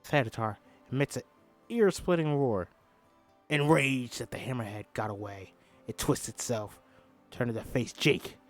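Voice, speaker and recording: A man reads a film script aloud in a casual, chatty way, at an ordinary mid pitch. He breaks in with profane asides and trips over hard words. Faint music plays softly underneath. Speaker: host. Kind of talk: casual script read-through with commentary.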